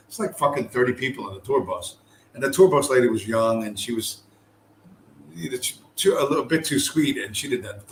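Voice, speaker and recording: A man's voice: lowish voice, a bit bright, echoey room, slight background noise. A man vlogging to camera in a loose, rambling way, swearing often and full of fillers and restarts. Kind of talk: casual travel chat to camera. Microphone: camera mic.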